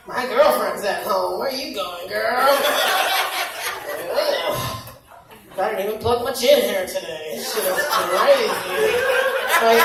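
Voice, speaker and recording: A woman's voice: fairly high pitch, moderate pace, crowd noise. Brash woman comic in echoey club. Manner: brash, crude, conversational. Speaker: stand-up comedian. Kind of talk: stand-up comedy set. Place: comedy club stage. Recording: echoey club from far off, noisy. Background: audience laughter.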